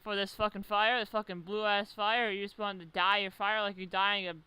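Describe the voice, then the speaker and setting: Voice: medium pitch, flat delivery, fairly quick, pushed and bright, clean tone, lightly acted, rough recording. A speaker voicing a rival clan that mocks another for trading life for power. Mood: mocking. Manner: mocking, insulting. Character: scornful rival clan of fighters.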